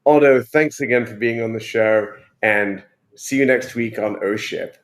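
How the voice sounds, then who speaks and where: A man's voice: on the low side, moderate pace. A man hosting an interview show, with an accent that blends American and British, chatty and self-mocking. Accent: mixed American-British. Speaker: podcast host. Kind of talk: casual interview chat.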